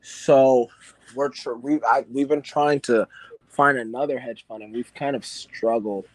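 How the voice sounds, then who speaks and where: A man's voice: medium pitch, steady tone, measured pace, no echo, rough recording. Hesitant male caller, dry sound. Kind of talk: call-in question.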